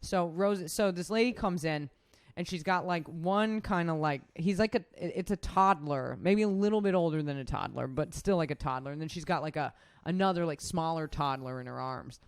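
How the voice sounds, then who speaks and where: A woman's voice: low-pitched, moderate pace, clear, resonant tone, dry recording. Woman podcast co-host, chatty rambler, curses freely, dry close sound. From Nevada, USA. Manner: rambling, profane, lots of "like". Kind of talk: casual chat, storytelling.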